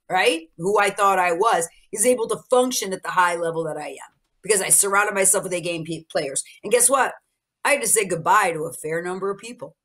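A woman in her fifties, a coach and speaker, talking in a podcast interview in an energetic, emphatic, storytelling way. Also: a little high.

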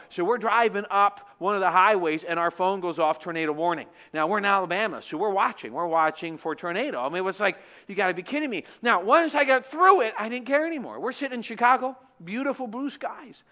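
Male preacher, sermon storytelling, animated and wry, high and bright tone. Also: quick pace, hardly any pauses. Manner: animated, joking, conversational. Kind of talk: sermon with humorous personal storytelling. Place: church.

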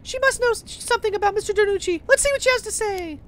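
A woman's voice: very high-pitched, fast talker, a little hiss or hum, voice pushed up. A woman voicing a bubbly, eager teenage schoolgirl sidekick in a video game, reading her lines in a chirpy way. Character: bubbly high-voiced teen schoolgirl sidekick.

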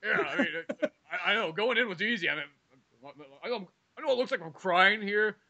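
A man's voice: high-pitched, animated, a little fast, creaky, pushed and bright, muffled recording. A man joking around as a podcast guest, playful and profane. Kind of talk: casual comedic banter.

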